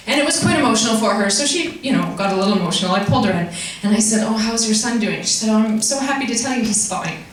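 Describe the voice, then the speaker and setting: A woman's voice: medium pitch, slight background noise. A woman on a convention stage telling a personal story in a chatty, self-deprecating way, open about getting emotional, heard from a distance in a large hall. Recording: echoey hall from far off.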